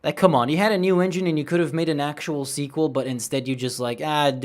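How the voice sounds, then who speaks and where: A man's voice: a little high, fast, few pauses. A man in his late twenties with a youthful-sounding voice, streaming a game, chatting casually and ranting with frequent swearing. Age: late 20s. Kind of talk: casual gameplay chat, reading viewer messages.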